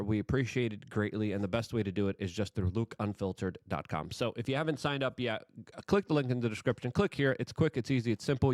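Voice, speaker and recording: An excitable male host delivers political commentary in a lively, swooping voice that rises and falls all over the place. He stumbles over his words and repeats himself as he talks. The sound is dry and close, with no room to it. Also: mid-range voice, no room sound.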